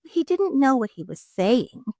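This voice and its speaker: A woman voicing a kind, worried mouse wife in a children's storybook read-aloud, speaking in a gentle, earnest, pleading manner. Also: high-pitched, sing-song, measured pace, no room sound, studio quality, pitched above the performer's own voice, exaggerated voice.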